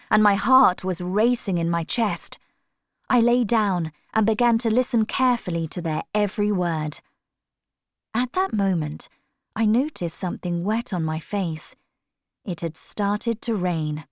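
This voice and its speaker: A woman narrating an audiobook in the first person, reading in a measured, careful way. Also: mid-range voice, dry recording, studio quality.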